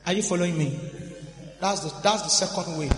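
A man preaching a sermon at a church service, emphatic and often calling out to the congregation, moving between quiet asides and shouted stresses. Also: high-pitched, a little fast. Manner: emphatic, with frequent call-and-response to the congregation. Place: church service in a large hall. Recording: echoey hall with long reverb, faint music.

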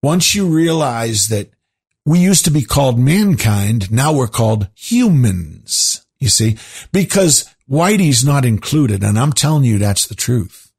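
A man with a husky, slightly breathy voice hosts his own show. He talks to his listeners in a loose, rambling monologue full of asides and restarts. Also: mid-range voice, big pitch swings, measured pace, a little mellow. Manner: rambling, conversational, many asides. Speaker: show host.

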